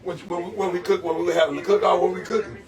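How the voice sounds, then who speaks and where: High-voiced man teasing in a busy kitchen. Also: little pitch movement, fast talker, a crowd in the background. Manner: teasing, playful, argumentative. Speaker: host. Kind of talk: casual kitchen banter. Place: home kitchen.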